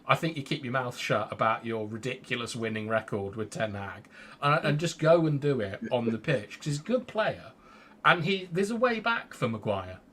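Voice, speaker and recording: A man's voice: medium pitch, expressive, moderate pace, pushed and bright. A man co-hosting a casual fan show, giving strong opinions in a rambling way. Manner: opinionated, rambling, restarts sentences. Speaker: fan channel co-host.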